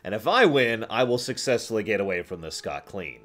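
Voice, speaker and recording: A man's voice: fairly low pitch, big pitch swings, fairly quick, a bit bright. A man playing a tabletop role-playing game, chatting casually and thinking aloud with many restarts.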